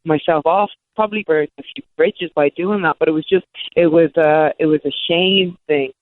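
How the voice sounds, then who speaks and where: A woman's voice: deep voice, normal speed. Woman in her 30s rambling thru her story, lots of restarts, thin phone-line sound, no room echo. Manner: rambling, self-correcting restarts. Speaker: interview guest. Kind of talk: candid storytelling. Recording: tinny phone-like line, dry.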